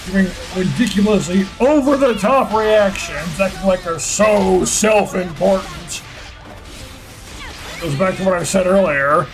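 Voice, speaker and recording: A man with a high voice rants his way through a gameplay commentary. He is sarcastic and quick to mock himself as well as others. Game music plays clearly underneath him. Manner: ranting, self-deprecating, sarcastic asides. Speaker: let's play host.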